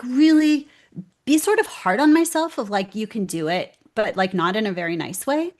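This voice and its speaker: Earnest woman guest, animated storyteller, mid-range voice. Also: mid-range voice. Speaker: guest speaker. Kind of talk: conversational interview.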